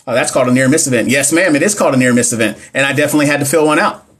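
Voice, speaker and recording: A young man running a casual livestream on a phone or computer mic. He reads exam questions out loud and answers viewers' comments. His manner is loose, playful and full of slang, and he often talks straight back to the chat. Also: mid-range voice, racing, breathy edge. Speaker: livestream host teaching nursing exam questions. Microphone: phone or computer mic on a live stream.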